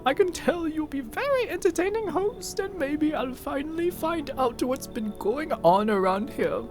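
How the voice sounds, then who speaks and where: An actress voicing a chatty, sly old woman traveller who speaks in a coaxing, sing-song, drawn-out way. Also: high-pitched, lively intonation, music in the background. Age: older.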